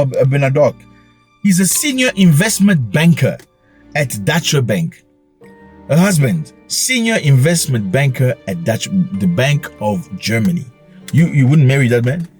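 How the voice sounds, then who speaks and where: A man's voice: fairly high pitch, a little mellow. A man hosting his own commentary channel, delivering an emphatic, scolding monologue full of rhetorical questions.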